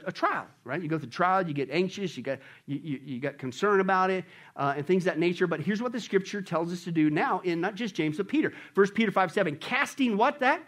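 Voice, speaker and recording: Male preacher, high-pitched, animated, quizzes his congregation mid-sermon. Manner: animated, asks the congregation rhetorical questions. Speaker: pastor.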